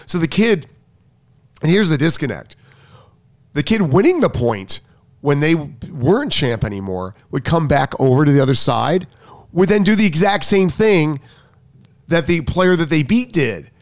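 A man's voice: a little high, big pitch swings, unhurried, dry recording, clean studio sound. A middle-aged man, a tennis coach, chatting casually and rambling, often restarting sentences and acting out quotes. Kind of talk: casual chat.

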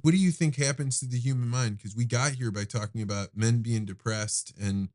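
A man's voice: mid-range voice, fairly quick, darkish tone. Man hosting a podcast in a mid-range voice. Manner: thoughtful, builds arguments with acted-out quotes. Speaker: podcast host. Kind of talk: casual conversation.

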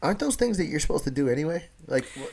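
A man's voice: fairly high pitch, very animated, racing, vocal fry, a little mellow. A man chatting casually about a song, laid-back and questioning, laughing often. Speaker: co-host.

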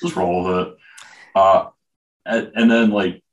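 A man co-hosting a casual comic book podcast, laid-back and halting, with many fillers. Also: sits low, fairly even intonation, distant mic, rough recording. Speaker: podcast co-host. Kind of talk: casual chat reviewing comics.

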